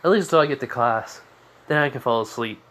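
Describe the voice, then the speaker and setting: Man voicing a sleepy teen girl who lives on coffee, offhand and drowsy, mid-pitched. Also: fast, fairly bright tone, close to an everyday voice.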